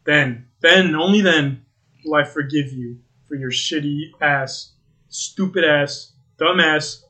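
A man's voice: fairly high pitch, takes it slowly, sharp tone. A young man co-hosting a casual podcast, joking and riffing playfully with strings of silly insults. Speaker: podcast co-host. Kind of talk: casual chat.

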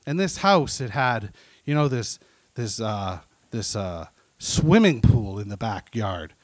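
A man hosting a live comedy night on a stage mic, telling halting pun-based one-liners. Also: on the low side, very animated, dry recording. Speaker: comedy show host. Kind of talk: stand-up emcee. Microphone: stage microphone.

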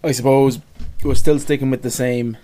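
Man, podcast host, mid-pitched, casual, plenty of ums. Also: flat delivery, normal speed, dark tone. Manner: runs the show, with frequent "um"s. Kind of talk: casual sports podcast chat.

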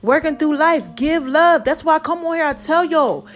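High-voiced woman podcaster. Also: lively intonation, moderate pace, soft background music. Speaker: podcast host. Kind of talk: casual motivational monologue.

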